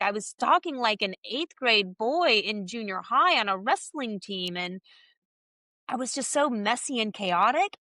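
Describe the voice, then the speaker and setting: A woman guest on a podcast, candidly telling a personal story in a casual, animated way and reenacting conversations as she goes. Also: mid-range voice, no echo.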